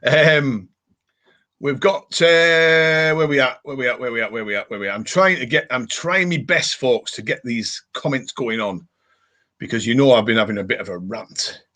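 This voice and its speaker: A man's voice: medium pitch, moderate pace. A middle-aged man hosting a casual home live stream, ranting and reading out viewer comments. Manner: ranting, animated, reads viewer comments aloud.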